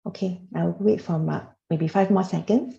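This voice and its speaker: A woman's voice: lowish voice, moderate pace, vocal fry, mellow. Hesitant woman lecturing over a muffled call. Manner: hesitant, many fillers and restarts. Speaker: tax course lecturer. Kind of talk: online lecture. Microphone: computer mic on a video call. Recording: roomy, dull lo-fi video call audio.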